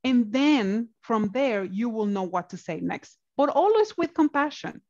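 A woman's voice: fairly high pitch, sing-song, measured pace, a little mellow. Encouraging woman guest on a lo-fi call. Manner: encouraging, often ends points with "right?". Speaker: guest speaker. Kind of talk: motivational panel conversation.

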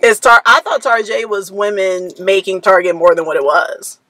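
A woman's voice: mid-range voice, normal speed, sharp tone, no echo, rough recording. A woman who travels with her trucker partner, chatting casually in a rambling, talkative way. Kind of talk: casual chat.

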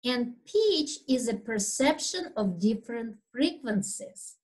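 A woman instructor giving a recorded anatomy lecture over slides, speaking loudly in an unhurried, explanatory way with fillers and throat clearing. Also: on the high side, sing-song, poor audio. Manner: talks loudly by habit.

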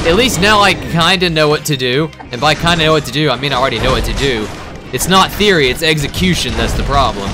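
A man giving excitable, profane, jokey commentary while playing a video game. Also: on the high side. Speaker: let's-play gamer.

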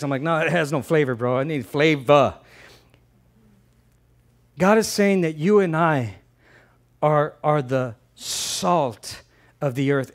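A pastor preaches a sermon in a conversational, animated style, often repeating words and swinging between loud emphasis and soft asides. His voice is on the high side.

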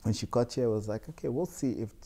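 Guest spot: young man, gravelly low voice, relaxed rambling storyteller. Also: quick pace. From South Africa. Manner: relaxed, rambling, many fillers. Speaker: guest, jeans designer. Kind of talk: casual storytelling interview.

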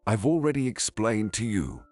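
A man voicing a worried young mother who speaks softly and pleads. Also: fairly low pitch, very animated, moderate pace, no room sound, voice pushed up. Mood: anxious. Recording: faint music behind.

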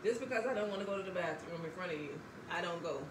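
A woman's voice: lowish voice, rapid-fire, reverberant, distant mic, background noise. A woman, co-hosting a couple's cooking show, explaining the dish in casual chat and pushing back at her partner's teasing in a home kitchen. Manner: exasperated, lively back-and-forth.

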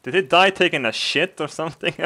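A man giving crude, comedic game commentary, laughing and breaking into excited outbursts. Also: a little high, brisk. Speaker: gaming commentator.

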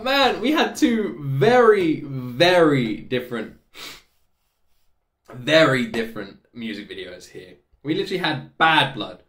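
An excitable man talks his way through a reaction video, joking and swinging between loud outbursts and quiet musing. His voice sits high and leaps around constantly. The room around him is echoey. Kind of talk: casual reaction commentary.

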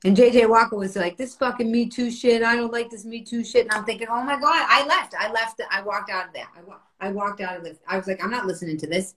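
A middle-aged woman comedian telling stories in casual podcast chat, animated and profane. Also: on the high side, fast, few pauses, low-quality recording. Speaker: comedian guest.

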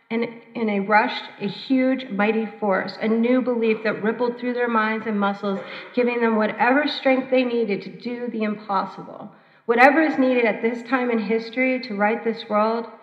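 A woman performing a personal story at an open mic, measured and reflective, with dramatic pauses. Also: a little high. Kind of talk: spoken-word personal storytelling. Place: church hall. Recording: roomy, dull church hall recording.

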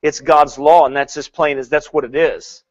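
Animated, fairly high-voiced male preacher. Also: moderate pace, highs cut off. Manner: animated, swinging between loud and hushed; laughs often and mocks with put-on quotes. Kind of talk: sermon.

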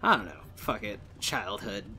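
A man's voice: lowish voice, animated, moderate pace, bright, forceful tone, faint music behind. A man in his twenties giving casual, rambling gameplay commentary, swearing and correcting himself often. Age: 20s. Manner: rambling, profane, self-correcting. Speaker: let's play host.

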